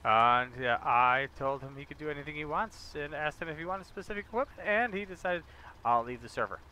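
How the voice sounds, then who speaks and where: A man's voice: fairly high pitch, fairly quick, bright, forceful tone, a little hiss or hum. Chatty man streaming a farming game. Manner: chatty, talks to chat viewers by name, joking asides. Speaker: livestreamer. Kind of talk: casual gameplay livestream chat.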